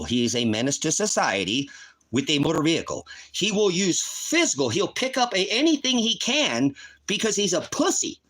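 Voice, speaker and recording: Hosting a livestream, a man goes on a furious, accusing rant laced with profanity. His voice is a little high with a fairly bright tone.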